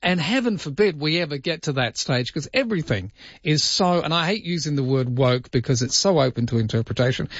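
An Australian man hosting a radio talk show, chatting casually and telling lively stories. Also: fairly high pitch, no room sound, dull audio. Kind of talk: casual talkback chat.

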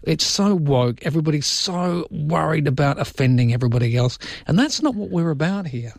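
An Australian man hosting talkback radio, chatty and animated as he tells stories to a caller. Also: a little high, brisk, vocal fry, dry recording, studio quality. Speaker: radio host.

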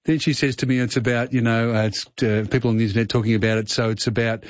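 A man's voice: mid-range voice, fairly even intonation, fast talker, dry recording. Chatty man hosting radio. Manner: rambling, chatty. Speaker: radio show host. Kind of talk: casual radio chat. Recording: muffled radio broadcast.

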